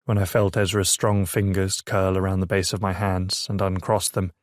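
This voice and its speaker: A man narrating a romance audiobook in first person, measured and emotive, on a close mic. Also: deep voice, level tone, no echo.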